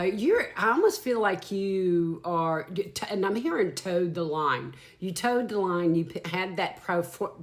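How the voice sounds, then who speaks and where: Low-voiced woman giving a tarot reading. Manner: chatty and earthy, swears freely, calls listeners y'all and darling. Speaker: tarot reader. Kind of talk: casual channeled tarot reading.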